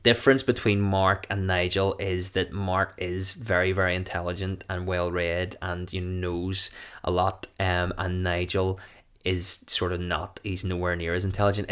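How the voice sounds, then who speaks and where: Northern irish comic, lowish voice, chatty rambling storyteller, laughs a lot. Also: male voice, fairly bright tone, smooth. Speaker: comedian answering viewer questions. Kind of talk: casual chat.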